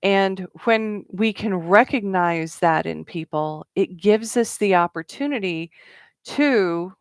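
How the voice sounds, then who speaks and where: A woman's voice: medium pitch, slow pace, clean tone, dry recording, studio quality. A middle-aged woman talking casually as a networking coach, with many fillers and quoted asides. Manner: conversational with fillers and acted-out quotes. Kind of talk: casual talk to camera.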